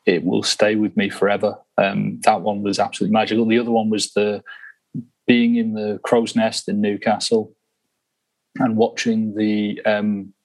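Low-pitched man, casual podcast co-host, anecdotal and laughing. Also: flat delivery, moderate pace, poor audio. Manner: storytelling, laughs often. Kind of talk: casual chat.

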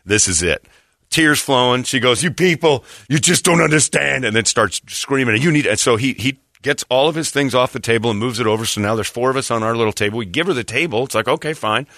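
Talking fast, a man animatedly relates a story in relaxed chat, raising his pitch to act out whoever he quotes. The recording is studio quality, with no echo.

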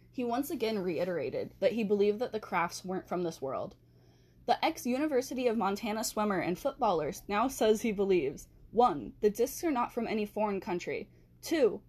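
A woman hosting a podcast tells a history story in a relaxed, conversational way. She slips in chatty asides and corrects herself as she goes. Her voice sits at an ordinary middle pitch for a woman. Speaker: podcast host. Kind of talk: casual podcast narration of history. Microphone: handheld mic she has to hold still.

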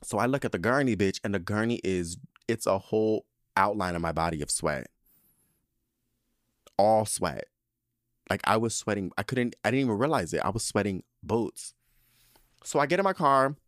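Podcast host, male, lowish register, dry close sound; animated, profane storyteller. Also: normal speed, long pauses, no echo. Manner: animated, dramatic, profane and chatty. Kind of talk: casual storytelling monologue.

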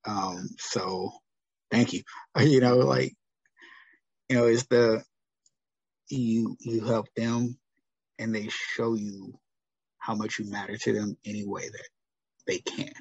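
A man, a teacher and podcast guest, telling stories in a casual, animated way and acting out his students' lines. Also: lowish voice, slow, creaky, long pauses, breathy edge, no room sound. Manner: animated, acts out students' lines, many fillers. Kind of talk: casual storytelling conversation. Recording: muffled dry podcast audio.

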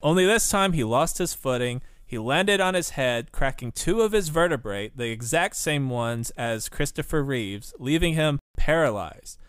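Smooth, dry-voiced man reading a recap. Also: medium pitch, lively intonation, normal speed, hardly any pauses, fairly bright tone, no room sound. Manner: read-aloud recap. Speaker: podcast co-host. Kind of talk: scripted narration.

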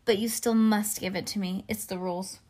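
A woman reading a children's book aloud and voicing a bossy, mischievous kindergarten girl who talks loud and pushy. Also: medium pitch, steady tone, a little fast, lightly acted.

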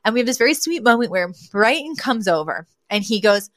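Woman podcast cohost recapping a sitcom, lively, jumps into character voices, dry close mic. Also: brisk, dry recording. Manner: animated, acts out lines with big pitch jumps. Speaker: podcast co-host. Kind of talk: casual chat recapping a sitcom.

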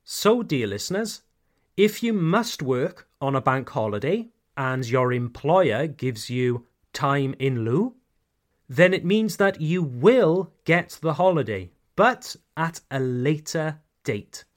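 Male teacher, podcast lesson, fairly high and very lively voice, talks straight to listeners. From United Kingdom. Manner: slow, clear, repeats key phrases, addresses "dear listeners". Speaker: English teacher, podcast host.

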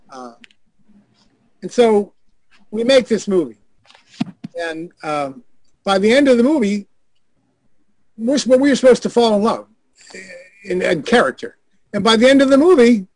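An older man, a guest on a video call, telling animated, profane stories and acting out the voices of the people he quotes. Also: high voice, no room sound. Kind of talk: anecdotal storytelling.

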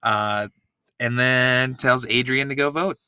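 A man's voice: mid-range voice, fairly even intonation, sharp tone, smooth, no room sound, clean studio sound. A man co-hosting a podcast, recapping a reality show in casual, sweary chat. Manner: quick, sweary, laughing. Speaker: podcast co-host.

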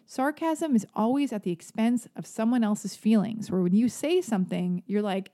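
A woman with a mellow, warm voice hosts her own podcast, answering listener mail in a loose, rambling way. She is frank and swears casually, and her speech is full of fillers and asides. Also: on the high side, lively intonation, normal speed. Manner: candid, rambling, profane. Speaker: podcast host. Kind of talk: casual solo podcast, reading listener emails. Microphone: mic on a stand.

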